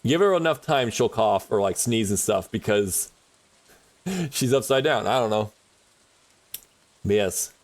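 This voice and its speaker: A man's voice: lowish voice, expressive, measured pace, pauses often. A man streaming a game, chatting casually and rambling with frequent laughs. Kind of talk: casual chat while gaming.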